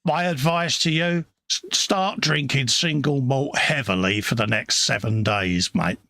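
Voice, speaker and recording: A man's voice: medium pitch, measured pace, bright, forceful tone. A man with a London accent hosting a live stream, reading out chat messages and joking with viewers, calling everyone mate. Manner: jokey, matey, calls everyone mate. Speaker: livestream host reading chat.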